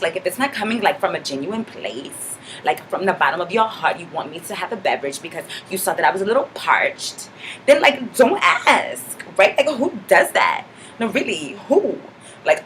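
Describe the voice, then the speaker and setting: In a character comedy vlog, a woman with a fairly low voice performs a comedic monologue as a sassy, self-assured young clubgoer. She chatters in mock indignation and packs every sentence with "like." Background noise can be heard.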